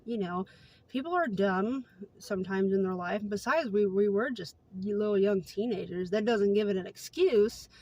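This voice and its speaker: Woman, late 20s, everyday mid-pitch voice, earnest and chatty casual vlog storyteller. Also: moderate pace, mellow, dull audio. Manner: candid, earnest and chatty, with many fillers. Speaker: vlogger.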